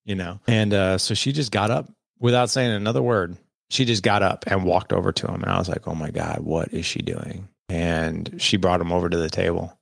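Gravelly low-voiced Midwestern man telling his story. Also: fairly even intonation, brisk, no room sound, studio quality. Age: 40s. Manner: candid, conversational, quotes people in dialogue. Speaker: guest. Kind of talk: personal storytelling in a podcast interview.

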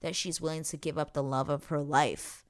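A woman with a low voice hosts a casual podcast recap. She gushes and rambles with plenty of fillers, emotional about every scene she retells. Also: fairly even intonation, normal speed. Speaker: podcast host. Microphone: podcast microphone.

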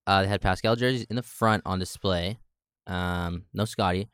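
A man's voice: low-pitched, fairly even intonation, normal speed, a bit bright, clear, resonant tone, no echo, studio quality. A young man with a Canadian accent co-hosting a sports podcast, chatty and enthusiastic in his stories. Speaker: podcast co-host. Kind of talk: casual sports podcast chat.

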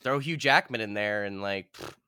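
Man, podcast panelist: bright, punchy voice, excitable and jokey, dry close recording. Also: on the low side, moderate pace, clear, resonant tone, dry recording. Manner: excitable and jokey, swinging from loud to hushed. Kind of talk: casual chat.

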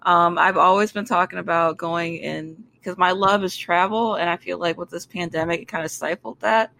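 A woman's voice: on the low side, fairly even intonation, moderate pace, vocal fry, bright, forceful tone, a little hiss or hum. A woman who works as a doctor, co-hosting a podcast and talking earnestly about making time for herself. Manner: reflective, earnest advice. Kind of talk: casual chat.

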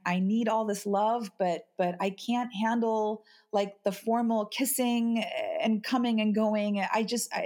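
A middle-aged woman speaking as a podcast guest, halting and repeating her words as she talks through grief. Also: medium pitch, a little mellow. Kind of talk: emotional podcast conversation.

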